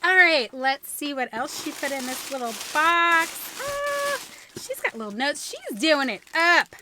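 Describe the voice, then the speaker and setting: A young woman vlogging at home, unboxing gifts from a friend in a gushing, excitable way, with squeals and gasps. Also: high-pitched, measured pace, background noise. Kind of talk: casual vlog unboxing.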